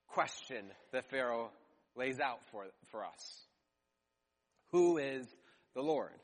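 High-voiced preacher in a reverberant hall. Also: male voice, a bit bright. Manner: conversational preaching, acts out mocking quotes. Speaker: pastor. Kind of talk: sermon. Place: church hall.

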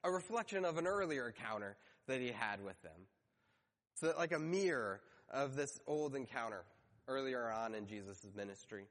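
A man's voice: medium pitch, expressive, moderate pace, fairly bright tone. A man preaching a sermon, telling the story and briefly acting out the voices in it. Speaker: pastor. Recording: long hall reverb.

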